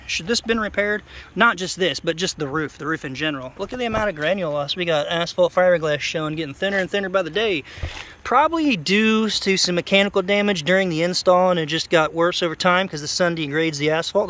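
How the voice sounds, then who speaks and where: A roofing contractor, talking viewers through a roof inspection outdoors in a chatty, sarcastic way. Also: male voice, high-pitched, a bit bright, slight background noise. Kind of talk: on-site roof inspection vlog.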